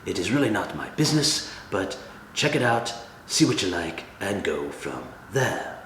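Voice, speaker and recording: A man hosting a comedic review, talking in a dry, deadpan way. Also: sits low, unhurried. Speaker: cigar reviewer, channel host. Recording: echoey room with faint ambient noise.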